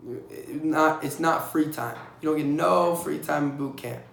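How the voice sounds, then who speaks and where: A young man speaking in a fairly high, gravelly voice, telling casual and profane stories. His delivery is blunt and gets animated whenever he acts out what other people said. The room around him is echoey. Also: normal speed. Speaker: vlogger recounting navy boot camp. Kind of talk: casual storytelling.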